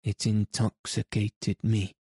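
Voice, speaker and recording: Slow, deep-voiced male audiobook narrator. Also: monotone, warm tone, slightly rough, no room sound, clean studio sound.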